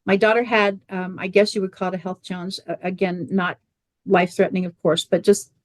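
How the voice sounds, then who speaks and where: A middle-aged woman, a guest on an interview show, telling a lively personal story and acting out family dialogue. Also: fairly low pitch, a little fast, no room sound. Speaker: guest, water machine business owner.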